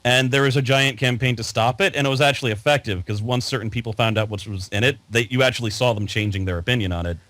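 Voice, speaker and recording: A man's voice: medium pitch, quick pace, hardly any pauses, fairly bright tone, no room sound. Young male co-host, casual and rambling, lots of fillers, dry close sound. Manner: rambling, hesitant with many fillers. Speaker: podcast co-host. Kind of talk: casual chat.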